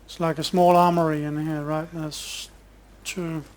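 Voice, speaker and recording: A gamer streamer commentates his own gameplay in a relaxed, casual way, sarcastically bantering with game characters and swearing when annoyed. His voice is a little high, and he speaks unhurriedly.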